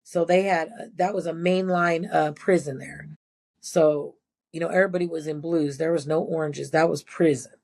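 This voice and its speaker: A woman's voice: sits low, steady tone, moderate pace, gravelly, a little mellow. A former prison nurse, a woman, telling blunt and profane stories in a casual interview.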